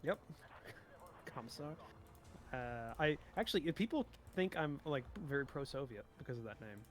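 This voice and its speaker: A man's voice: mid-range voice, animated, normal speed. A man in casual gaming chat as a guest player, chatty and hesitant, with many fillers and easy laughs.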